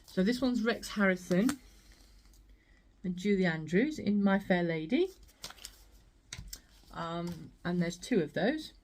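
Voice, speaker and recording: A woman's voice: lowish voice, animated, takes it slowly, long pauses, a little mellow, a little hiss or hum. A woman vlogging her thrift finds in a chatty, rambling way, laughing often. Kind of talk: casual chat.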